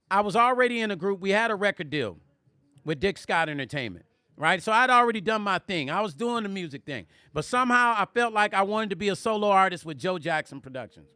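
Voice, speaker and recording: High, bright-voiced storytelling man. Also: clear, resonant tone, no echo, studio quality. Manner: animated, addresses viewers directly, reads chat aloud. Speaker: musician and vlog host. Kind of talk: casual storytelling livestream.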